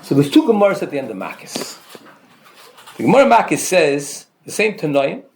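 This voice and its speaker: Male Torah teacher, high voice that swings widely, emphatic lecture delivery full of rhetorical questions. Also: sing-song, normal speed, a little hiss or hum. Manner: repeats words when restarting.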